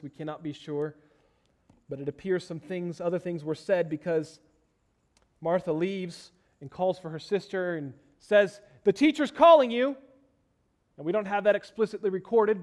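A man preaching from the pulpit with a fairly high voice. He reads scripture and leads prayer, lifting his voice to stress a point and dropping to a soft, low hush when praying. His delivery is expressive and varied. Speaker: pastor. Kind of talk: sermon.

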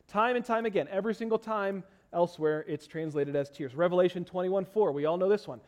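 A pastor preaching a sermon and leading a prayer, his voice climbing for emphasis and sinking low and quiet in prayer. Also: fast, hardly any pauses.

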